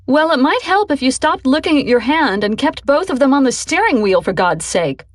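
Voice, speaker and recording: Snippy teen girl for an audiobook, whiny and exasperated, higher than the reader's own voice, read by a woman. Dry recording. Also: very animated, normal speed, no echo. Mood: annoyed. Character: bored, snippy teenage girl cousin.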